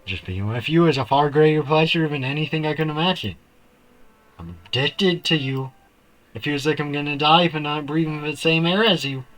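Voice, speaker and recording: A man's voice: a little high, normal speed, fairly bright tone, faint music behind, natural voice, poor audio. A man reading as an obsessive young woman in love. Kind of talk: reading game dialogue aloud on stream.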